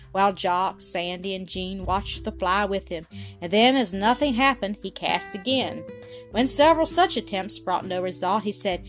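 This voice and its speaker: A woman narrating a children's storybook in a calm, measured reading. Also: mid-range voice. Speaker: audiobook narrator. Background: faint guitar music.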